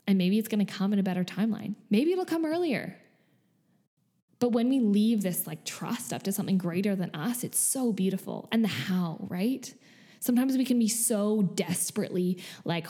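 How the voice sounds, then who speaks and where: A woman's voice: mid-range voice, dark tone. A young woman hosting a podcast on her own, talking casually and with enthusiasm, now and then acting out the voices of other people. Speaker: podcast host. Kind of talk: casual spiritual podcast monologue.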